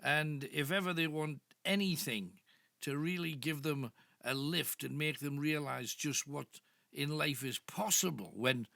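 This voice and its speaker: Radio host, gravelly, a touch high, close dry studio mic. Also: male voice, unhurried, bright, forceful tone, dry recording. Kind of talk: late-night radio interview.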